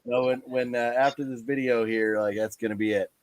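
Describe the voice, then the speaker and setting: A man's voice: mid-range voice, fairly even intonation, a little fast, crowd noise. A tired man hosting a casual live stream, talking in a rambling way with lots of fillers and restarts. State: tired, yawning.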